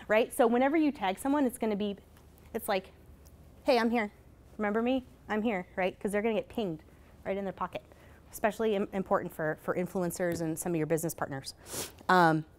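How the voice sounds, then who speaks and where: Woman giving a talk at a conference, lowish voice, lots of ums and "right?", kinda rushing. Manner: casual, many fillers, rhetorical "right?" tags; hurried, self-correcting. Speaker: conference presenter. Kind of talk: live presentation. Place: conference session.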